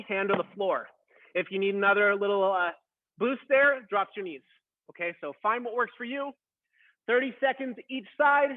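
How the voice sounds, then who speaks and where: A man instructing a beginner workout, coaching in a casual, encouraging way while straining through a plank. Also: sits high. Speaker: fitness instructor. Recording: tinny phone-like sound.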